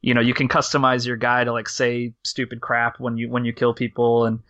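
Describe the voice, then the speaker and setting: Male podcast co-host, bright tense voice, rambly casual talker. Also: medium pitch, completely flat delivery, a little fast, dry recording, muffled recording. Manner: rambling, filler-heavy, laughs easily. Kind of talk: casual chat.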